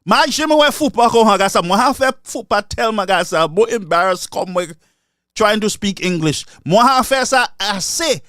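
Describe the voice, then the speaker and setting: Mocking Saint Lucian man, high voice. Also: moderate pace, no room sound, studio quality. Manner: mocking, animated, switches between English and Creole. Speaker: online commentator. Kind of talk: political commentary monologue.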